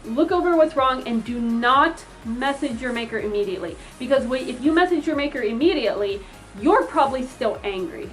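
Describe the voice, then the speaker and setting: A woman's voice: sits high, slight background noise, poor audio. A young woman who makes fursuits, giving chatty advice to customers and pleading with them while acting out the messages they might send. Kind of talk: casual advice vlog.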